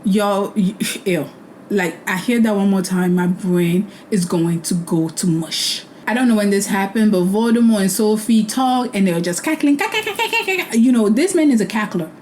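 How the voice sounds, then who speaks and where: A woman's voice: mid-range voice, normal speed, a little mellow, slight background noise, low-quality recording. A young woman hosting a casual recap, talking bluntly and opinionated. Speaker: host.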